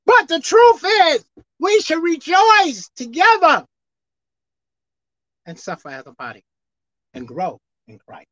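A woman pastor delivers a sermon in a high, animated voice that leaps between soft muttered asides and shouted calls to repent. She reads scripture slowly and deliberately. The recording is dry and a little dull. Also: dry recording. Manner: swings between low asides and loud shouted exhortation.

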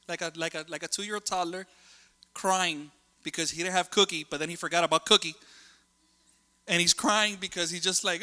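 A man preaching a sermon in a chatty, animated way, telling family stories and jumping between thoughts. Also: high voice, normal speed, pauses often, clear, resonant tone, big-room sound.

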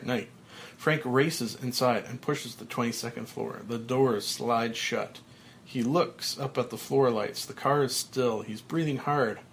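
A podcaster reading a screenplay's stage directions aloud in a slow, flat manner. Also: male voice, medium pitch, a little hiss or hum.

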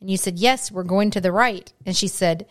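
A woman's voice: mid-range voice, moderate pace, dry recording, clean studio sound. A middle-aged woman, chatting casually as a podcast co-host and telling family stories. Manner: storytelling, chatty, drops to near-whisper asides. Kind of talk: casual chat.

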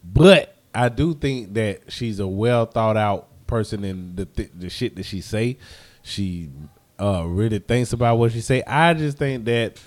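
A man's voice: lowish voice, darkish tone. A man co-hosting a podcast, giving blunt opinions in casual banter. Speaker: podcast co-host.

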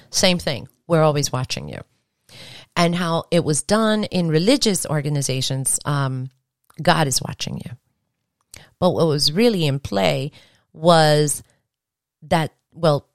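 A woman's voice: sits low, no echo, studio quality. A woman hosting a podcast, talking earnestly in a rambling, conversational way with frequent restarts. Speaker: podcast host. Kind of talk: casual podcast monologue.

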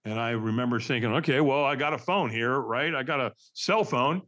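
Male guest, 60s, mid-pitched, emphatic and animated, candid storyteller. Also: fairly quick. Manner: animated, emphatic, laughs through hard memories. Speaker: podcast guest.

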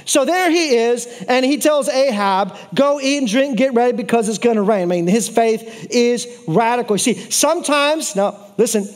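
A man with a strikingly high voice preaches a sermon. He tells the story with lively energy, breaks off for playful asides to the congregation, and repeats key lines to drive them home. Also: moderate pace. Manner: repeats phrases for emphasis.

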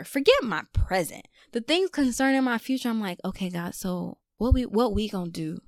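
Animated young woman chatting. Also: fairly high pitch, smooth, dry recording, studio quality. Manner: animated, self-deprecating, laughs often. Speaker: vlogger. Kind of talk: casual confessional chat.

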